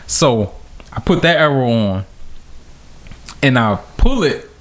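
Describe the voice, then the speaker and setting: A man co-hosting a casual podcast, telling a childhood story with lots of laughter and acted-out quotes. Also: slow. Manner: animated, laughs often, acts out quotes in high voice. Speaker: podcast co-host.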